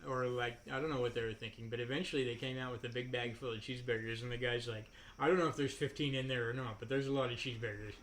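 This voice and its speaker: A man's voice: medium pitch, steady tone, fast, a bit bright. Rambling man telling stories among friends. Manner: rambling, laughing, acts out quoted voices. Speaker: podcast host. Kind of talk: casual storytelling among friends. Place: home kitchen with friends. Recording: noisy home recording.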